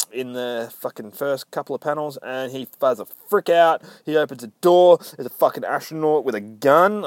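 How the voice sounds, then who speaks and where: A man talks through a comic book in a loose, rambling way, swearing constantly and mocking himself along the way. His voice sits at an ordinary middle pitch. The sound is dry and close. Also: dry recording. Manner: rambling, profane, self-mocking asides. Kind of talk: casual profane comic read-through.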